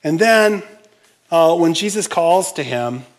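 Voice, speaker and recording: A man preaching a sermon as pastor, animated and conversational, acting out scenes and speaking to the congregation with frequent asides. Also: a little high, slow. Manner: animated, uses props and acts out scenes.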